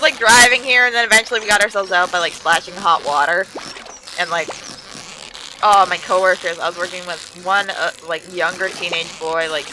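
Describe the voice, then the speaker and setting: In a noisy recording with music behind her, a young island woman streams casual chat in a mid-range voice. She's animated, swears plenty, and keeps slipping into silly voices.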